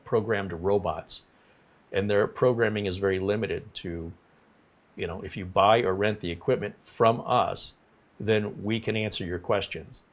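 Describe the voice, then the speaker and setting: A man hosting a casual livestream, talking in a rambling, apologetic way and reading viewer comments aloud. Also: on the low side. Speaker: livestream host.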